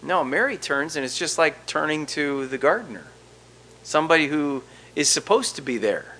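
A middle-aged man preaching a sermon, moving between hushed, intimate moments and loud, emphatic passages as he walks through a scripture text. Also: on the high side, expressive, moderate pace. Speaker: pastor.

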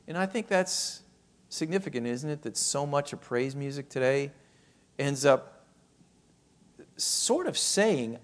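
A male pastor preaching with emphasis and a slightly raised pitch. He slows down to press home key phrases and asks his listeners rhetorical questions. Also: expressive. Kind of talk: sermon.

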